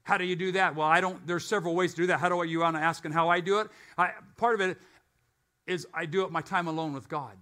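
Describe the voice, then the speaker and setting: A man's voice: on the high side, steady tone, quick pace, pushed and bright. An older man preaching a conversational sermon as pastor, often asking and answering his own questions.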